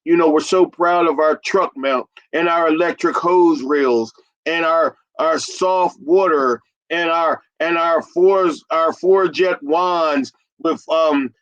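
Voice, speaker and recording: A man in his fifties, a business consultant, talking emphatically to an audience he calls ladies and gentlemen. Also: fairly high pitch, takes it slowly, muffled recording. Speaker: carpet cleaning business consultant. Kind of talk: promotional business talk.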